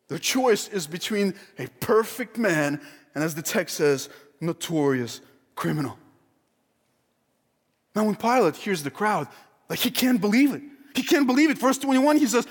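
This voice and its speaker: A man preaching a sermon, emphatic and animated, acting out the voices in the story he retells. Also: high-pitched, normal speed. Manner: emphatic, animated, acts out quoted crowd and Pilate. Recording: long hall reverb.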